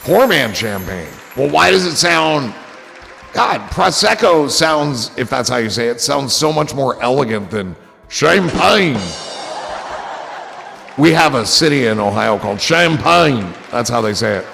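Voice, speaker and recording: A man with a gravelly, creaky voice chats loosely on his livestream, wandering from one joke to the next and swearing freely. His voice rings with a long reverb, and soft music plays behind him. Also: medium pitch, very animated, measured pace, a faint crowd. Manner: rambling, goofy and profane. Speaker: livestream host. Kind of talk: casual livestream chat.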